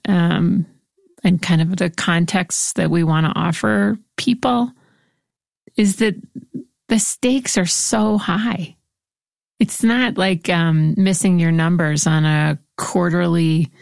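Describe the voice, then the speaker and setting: A woman's voice: on the low side, creaky, no room sound, clean studio sound. A woman hosting an interview, reflective and empathetic as she responds to her guest. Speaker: host. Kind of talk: interview conversation.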